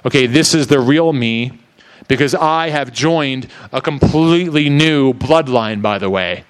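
Smooth-voiced earnest man preaching. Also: medium pitch. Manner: earnest, reflective, halting with frequent restarts. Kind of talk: devotional Bible teaching with spoken prayer.

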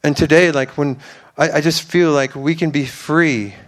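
A man's voice: a little high, steady tone, normal speed. A man giving an informal, earnest sermon to a church, rambling with fillers and restarts. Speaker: preacher.

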